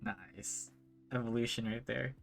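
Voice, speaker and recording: A man's voice: medium pitch, flat delivery, unhurried, vocal fry, faint music behind. A man hosting a podcast, asking questions and giving short acknowledgments in a casual interview. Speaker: podcast host.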